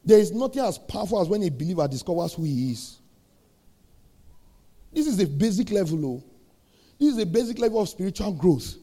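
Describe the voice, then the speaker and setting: A middle-aged man preaching a sermon, asking the congregation questions and building to shouted peaks. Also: sits high, big pitch swings, fairly quick, pauses often. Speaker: pastor.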